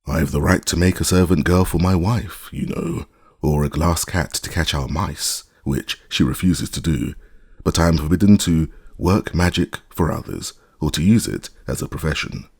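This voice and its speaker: A man's voice: rumbling low, moderate pace, darkish tone, husky, heavily acted. A man voicing a boastful old male magician who lectures about his own inventions.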